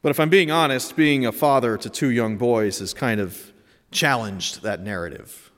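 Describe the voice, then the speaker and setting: A man's voice: mid-range voice, normal speed, a bit bright. Candid man telling a story in a hall. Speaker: speaker. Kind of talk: personal reflective talk. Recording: echoey hall.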